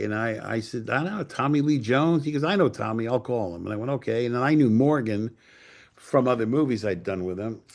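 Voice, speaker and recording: Profane New York storyteller, older man. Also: medium pitch. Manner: profane, animated anecdotes with acted-out quotes. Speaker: screenwriter and director guest. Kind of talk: casual storytelling interview.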